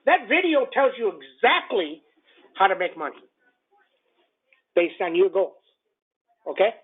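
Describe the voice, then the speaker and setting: A man hosting a morning trading call, ranting bluntly and profanely, often stumbling and repeating himself. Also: high voice. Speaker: trading show host. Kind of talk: morning market commentary. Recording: narrow phone-like audio.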